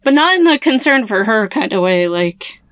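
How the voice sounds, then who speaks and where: A woman's voice: fairly high pitch, sing-song, normal speed, fairly bright tone, no room sound. A woman chatting as a podcast guest in a wry, playful way. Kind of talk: casual chat.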